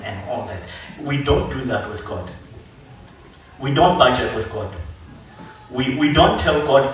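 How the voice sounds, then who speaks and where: Animated preacher in an echoey church. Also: male voice, mid-range voice, unhurried, pauses often. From South Africa. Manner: animated storytelling, acting out biblical figures. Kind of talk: sermon. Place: church sanctuary. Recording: echoey church hall from far off.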